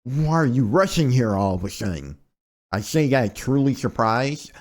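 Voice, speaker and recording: A man's voice: medium pitch, very animated, normal speed, darkish tone. A man voicing a troubled young male student, reading his first-person narration and lines from a visual novel. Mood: uneasy.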